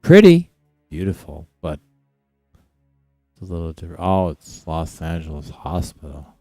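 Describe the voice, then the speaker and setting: A man's voice: very deep voice, steady tone, moderate pace, vocal fry, dark tone, no room sound, soft background music. A man from Saskatchewan streaming a game live, talking bluntly, swearing freely and chatting to his dog. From Saskatchewan, Canada. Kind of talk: casual live gameplay commentary.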